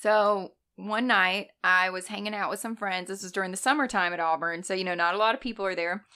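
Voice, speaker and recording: A young woman, a nurse telling stories in casual chat, animated and often laughing. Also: mid-range voice, fairly quick, clean tone. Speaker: guest, nurse.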